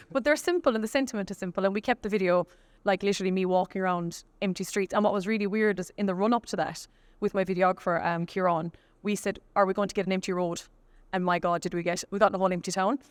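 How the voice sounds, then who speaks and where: A young woman with a Kerry Irish accent, a guest singer chatting quickly in an interview, laughing often and restarting her sentences. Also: mid-range voice, dry recording. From Killarney, County Kerry, Ireland. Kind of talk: casual interview chat.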